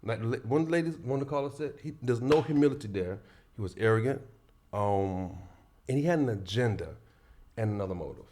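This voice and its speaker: A man's voice: mid-range voice, expressive, a little fast, mellow. Heated, ranting man on a talk show. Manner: heated, ranting, laughing while upset. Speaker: show regular, co-host friend. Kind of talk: casual live talk show chat.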